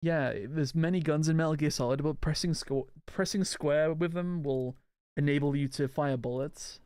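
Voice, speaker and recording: A man's voice: a little high, steady tone, moderate pace, a little mellow, smooth, dry recording, clean studio sound. A man chatting casually while playing a game, rambling and answering viewers' comments with frequent restarts. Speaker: gaming video creator. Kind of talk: casual live gameplay chat.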